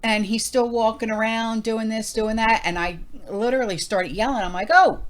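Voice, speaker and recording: A woman from New Jersey hosting a prepping vlog, telling a story in an animated, emphatic rant full of fillers. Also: fairly high pitch, normal speed, hardly any pauses. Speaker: prepping channel host. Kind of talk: casual rant to viewers.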